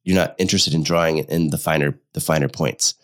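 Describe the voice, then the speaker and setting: Deep-voiced male therapist, casual podcast chat, thoughtful and halting. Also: steady tone. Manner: thoughtful, halting, restarts phrases while explaining. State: slightly unwell. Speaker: couples therapist, podcast co-host.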